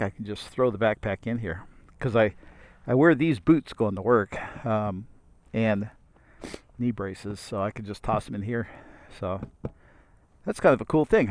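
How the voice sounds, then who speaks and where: A man's voice: medium pitch, no room sound. A man giving a casual motorcycle walkaround vlog outdoors, rambling with many fillers and a dry, coughing throat. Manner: rambling, relaxed, lots of fillers. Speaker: motorcycle vlogger.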